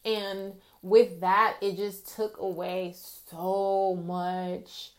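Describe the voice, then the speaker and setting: A woman's voice: mid-range voice, level tone, extremely slow. A woman talking openly and earnestly to her viewers about prayer and her faith, in a confiding, casual way. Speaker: Christian vlogger sharing testimony. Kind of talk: heartfelt casual faith talk.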